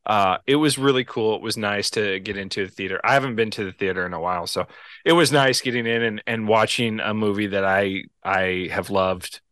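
A man co-hosting a podcast, talking in halting bursts full of restarts as he makes his points. His tone is bright and forceful. The sound is dry and close-miked. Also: fairly low pitch, no echo. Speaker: podcast co-host. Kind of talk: casual chat.

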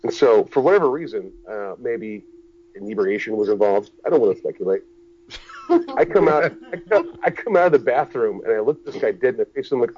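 A man telling a story in a casual, profane, animated way, acting out the people in it. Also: medium pitch, a little fast, muffled recording.

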